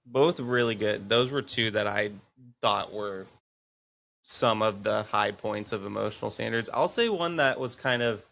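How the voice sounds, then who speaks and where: A man's voice: mid-range voice, gravelly, a bit bright. A young man co-hosting a podcast in laid-back casual chat. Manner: laid-back, lots of short agreeing replies. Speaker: podcast co-host.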